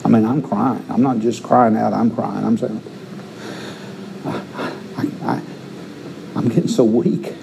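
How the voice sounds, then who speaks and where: A man's voice: lowish voice, little pitch movement, a little slow, gravelly, pauses often, background noise. A middle-aged man preaching a sermon, earnest and given to repeating words as he restarts his phrases. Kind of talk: sermon with personal stories.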